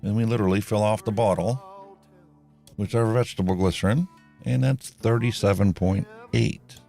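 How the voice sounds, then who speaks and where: A relaxed man talks through a process and asks curious questions in casual live-stream chat. His voice is on the low side. Soft music sits faintly in the background. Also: moderate pace, gravelly.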